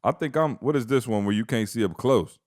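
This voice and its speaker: A man's voice: mid-range voice, fairly quick, a little mellow, no room sound, studio quality. A man co-hosting a casual podcast chat, talking in a laid-back, slangy way. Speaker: podcast co-host.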